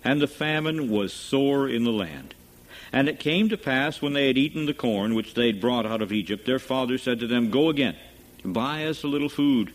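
A man reading scripture aloud in a steady, measured way. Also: medium pitch, low-quality recording. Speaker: scripture reader.

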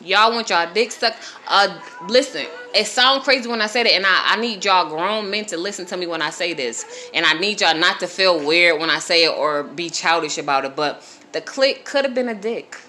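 A woman's voice: on the low side, moderate pace, sharp tone. A woman around forty talking unscripted on a live stream, giving blunt, profane advice straight to her viewers. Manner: blunt, profane, preachy, addresses viewers directly.

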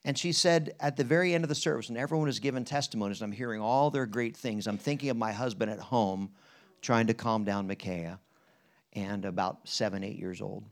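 A man from Pennsylvania preaches at a conference, his voice sitting fairly low. He tells stories in an animated, folksy way, suddenly going quiet and then loud again. He then asks the listeners questions and leads them in prayer. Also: brisk. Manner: animated, jumps between quiet and loud in retelling, folksy asides. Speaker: guest preacher. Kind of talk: conference sermon with storytelling.

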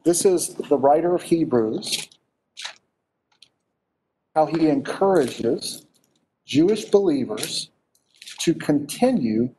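Man preaching with a mellow voice. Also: a little high, slow, pauses often, slight background noise. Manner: animated, conversational preaching with rhetorical questions. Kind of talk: sermon.

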